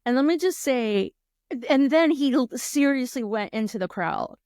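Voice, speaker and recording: A woman's voice: high voice, expressive, moderate pace, darkish tone, clean tone, no room sound, clean studio sound. A woman co-hosting a podcast, chatting casually with lots of fillers and laughter. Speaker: podcast co-host. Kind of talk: casual chat.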